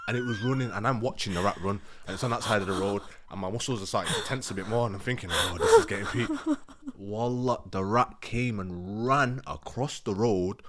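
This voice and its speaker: A man's voice: fairly low pitch, a bit bright, slight background noise. A young man casually telling a funny story, laughing often and acting out his own thoughts.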